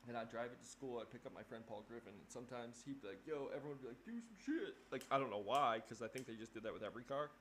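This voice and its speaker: A man's voice: medium pitch, rapid-fire, hardly any pauses, a bit bright. A man in his thirties from New Hampshire, a drummer telling a rambling, laughing story with plenty of swearing in a casual livestream chat. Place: home drum room. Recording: roomy echo with faint noise.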